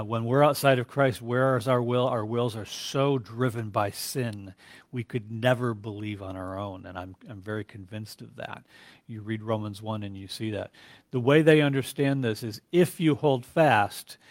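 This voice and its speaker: Man, Bible teacher, classroom lecture, earnest, deliberate, quizzes students, dry close sound. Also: lowish voice, fairly even intonation, dry recording. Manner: deliberate, reads scripture aloud, quizzes the class.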